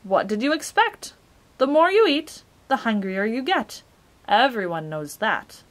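Woman doing a bossy male magician, emphatic, animated, high. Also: unhurried. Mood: insistent. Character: pompous impatient male magician.

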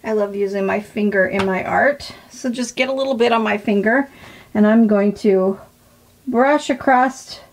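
A woman's voice: medium pitch, normal speed. A woman hosting an art tutorial, chatting casually and encouragingly as she demonstrates her work. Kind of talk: casual craft demonstration narration.

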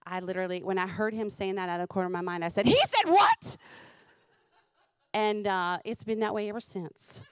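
A middle-aged woman, a comedian host telling lively, funny stories about her kids and laughing at them. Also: medium pitch, quick pace, hardly any pauses, clear, resonant tone, no echo, clean studio sound. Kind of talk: comedic storytelling.

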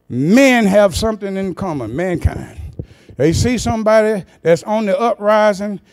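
High, gravelly-voiced male preacher. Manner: folksy, chuckling preaching that builds to shouted, sing-song cadences. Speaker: pastor. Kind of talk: sermon.

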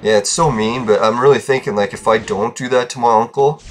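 A man's voice: medium pitch, fairly quick, soft background music. A man podcasting alone, venting bitterly in a casual, profane rant. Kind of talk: casual ranting monologue.

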